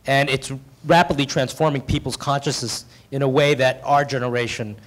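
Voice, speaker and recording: A man's voice: medium pitch, fairly even intonation, moderate pace, fairly bright tone. Upbeat man making a point on a panel. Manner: emphatic, upbeat, rhetorical asides. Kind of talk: panel discussion.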